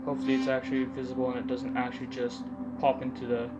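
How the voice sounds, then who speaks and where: A man's voice: mid-range voice, completely flat delivery, quick pace, highs cut off. A young man reading out historical facts in a casual commentary, stumbling over names and correcting himself with muttered asides. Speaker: video creator. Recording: music playing loud under the voice.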